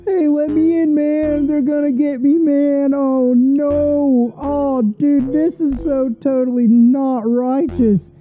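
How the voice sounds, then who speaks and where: Brief: man playing panicked surfer-dude guy, pitched way up, frantic begging, tabletop game. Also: level tone, slow pace, hardly any pauses, dull audio, faint music behind. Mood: panicked pleading. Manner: frantic pleading, surfer slang.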